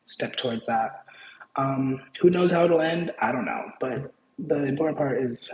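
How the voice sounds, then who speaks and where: A man's voice: medium pitch, a little mellow. A man giving a casual tarot reading, rambling and playful, often breaking off mid-thought. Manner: rambling, playful, self-interrupting. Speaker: tarot reader. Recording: echoey room with faint background noise.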